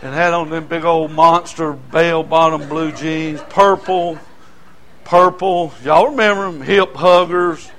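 Older man, high voice, animated folksy preacher, shouts for emphasis. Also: measured pace, few pauses. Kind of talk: sermon storytelling.

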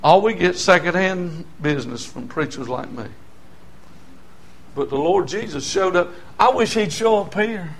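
An older man, a pastor preaching a sermon in a folksy way, with loud shouted passages and quiet asides. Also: high-pitched, animated, a little slow, gravelly, a little hiss or hum.

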